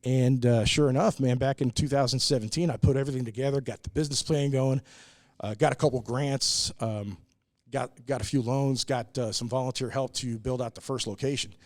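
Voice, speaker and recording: Middle-aged guy telling brewery stories, lots of uh's, dry close sound, middle pitch. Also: fairly even intonation, a little fast, no echo. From United States. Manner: earnest, many "uh"s, acts out quoted people. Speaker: brewery owner, guest. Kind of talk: casual storytelling in a podcast interview.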